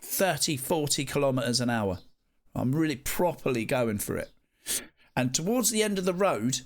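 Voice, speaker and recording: A young man telling a vivid, animated personal story in a casual way, with some swearing. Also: a little high. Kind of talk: casual anecdote.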